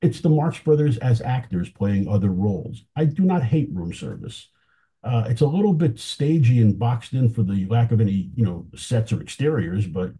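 Dark husky man, lively storytelling. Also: lowish voice. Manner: enthusiastic, anecdotal, chuckles often. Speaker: film historian guest. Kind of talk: casual interview chat.

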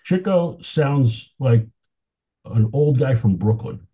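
A man's voice: mid-range voice, animated, takes it slowly, dark tone, slightly rough. A man talking casually as an interview guest, telling anecdotes with enthusiasm and chuckling now and then. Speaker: film historian guest.

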